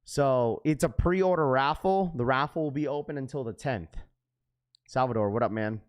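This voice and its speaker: A man's voice: medium pitch, moderate pace. A man hosting a sneaker livestream, talking casually to chat in heavy slang. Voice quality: slangy, says "bro" often.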